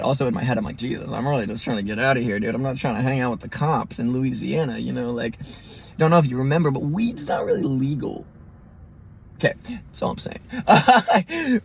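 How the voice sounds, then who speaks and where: A young man hosting a podcast, telling a story in an animated, profane way and mimicking the people in it. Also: mid-range voice, normal speed, gravelly, slight background noise. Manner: animated, profane, mimics others in quoted lines. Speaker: podcast host. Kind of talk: storytelling monologue.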